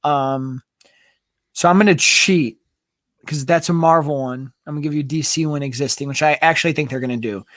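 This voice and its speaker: A man's voice: a little high, a little fast, no room sound. A man co-hosting a casual livestream chat about fandoms, talking eagerly with many fillers. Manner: animated, enthusiastic, many fillers. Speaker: co-host.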